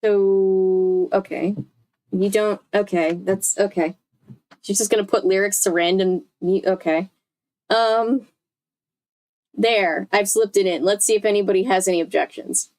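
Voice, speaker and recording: A woman's voice: mid-range voice, steady tone, a little slow, darkish tone. A woman reading a book aloud, breaking off often to react and laugh. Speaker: host.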